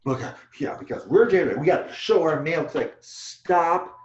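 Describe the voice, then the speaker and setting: A man co-hosting a casual discussion, who is a Taoist teacher, rants in an animated way, speaking bluntly and swearing freely. His voice runs on the high side at a moderate pace, recorded in an echoey room with dull, lo-fi sound.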